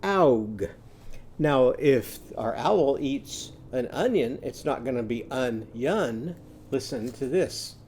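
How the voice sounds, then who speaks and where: A man teaching a phonics lesson to young children, chanting slowly and gently prompting them to join in. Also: medium pitch, animated, a little hiss or hum. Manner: slow call-and-response chanting.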